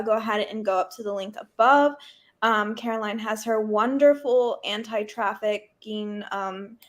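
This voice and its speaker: Brief: young woman from Nebraska, high voice, giggly live-stream co-host who laughs and snorts a lot. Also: slight background noise. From Nebraska, USA. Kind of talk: casual live-stream chat.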